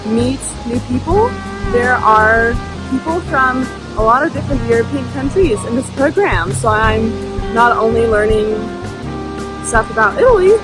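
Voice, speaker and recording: Chatty young woman vlogger, higher voice. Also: poor audio. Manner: chatty, rambling, laughs often. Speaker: opera singer and vlog host. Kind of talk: casual vlog chat.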